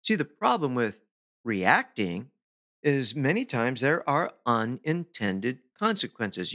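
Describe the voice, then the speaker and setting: A man giving a self-help talk in an emphatic, deliberate way, pausing to stress key words. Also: medium pitch, very animated, bright, forceful tone. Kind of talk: motivational talk to camera.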